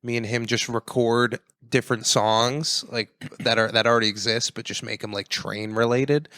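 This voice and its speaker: A man's voice: medium pitch, steady tone, normal speed, pushed and bright, no room sound. A man guesting on a casual comedy podcast, who laughs often and joins in the joke songs.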